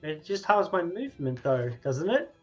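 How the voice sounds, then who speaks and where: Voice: medium pitch, very animated, moderate pace, darkish tone, highs cut off, soft background music. A player in a tabletop game, giggly and hesitant, narrating their character's actions. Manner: giggly, hesitant, lots of fillers. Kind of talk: casual tabletop game play.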